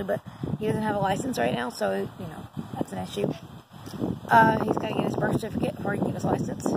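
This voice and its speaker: A woman's voice: medium pitch, vocal fry, heavy background noise. A woman talking casually to her phone at night, rambling and giggling with lots of fillers. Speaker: vlogger. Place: indoors at night.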